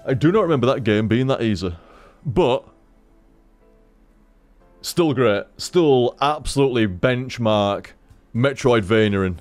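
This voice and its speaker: Swearing, animated man. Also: mid-range voice, a little slow, pauses often, no echo, soft background music. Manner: swears constantly, rambling and animated. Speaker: streamer. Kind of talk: casual post-stream ramble. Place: home room.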